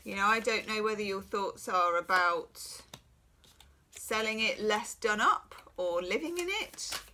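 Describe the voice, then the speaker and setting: A woman's voice: medium pitch, animated, unhurried, bright, forceful tone, slight background noise. A middle-aged woman who is losing her voice, giving a frank, chatty private tarot reading full of reassuring asides. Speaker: tarot reader.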